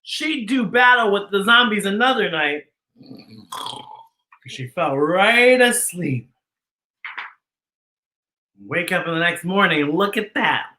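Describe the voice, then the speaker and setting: Woman, kids' storytime host; animated sing-song reader, bright tone, roomy sound. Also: mid-range voice, slow, long pauses. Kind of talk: reading a picture book aloud to kids.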